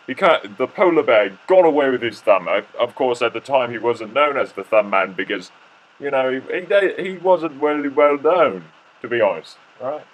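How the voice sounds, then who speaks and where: A man's voice: medium pitch, lively intonation, moderate pace. A man telling a comic mock-documentary story, rambling, jokey and full of restarts.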